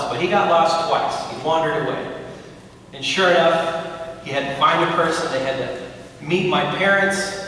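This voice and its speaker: A man's voice: fairly high pitch, fairly bright tone, slight background noise. A young man preaching a sermon as pastor, telling stories with playful asides to the congregation. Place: church sanctuary. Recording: echoey church from far off.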